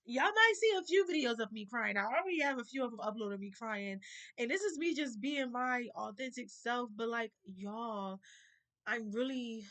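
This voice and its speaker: A woman's voice: fairly high pitch, expressive, normal speed, fairly bright tone. A woman talking in a casual spiritual vlog, earnest and emotional, near tears at moments. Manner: emotional, earnest, heartfelt, at times tearful. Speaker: spiritual vlogger.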